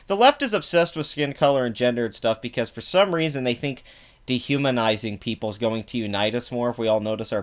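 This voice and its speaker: A young man hosting a reaction video, ranting angrily and profanely about a clip, with frequent fillers. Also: mid-range voice. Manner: angry, profane, fast-talking rant with frequent fillers. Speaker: political commentary video host. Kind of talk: reaction rant.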